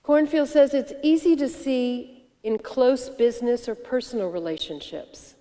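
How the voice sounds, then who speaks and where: A woman minister giving a sermon, teaching gently and reflectively and posing questions to the congregation. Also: a little high, long reverb tail. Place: church sanctuary.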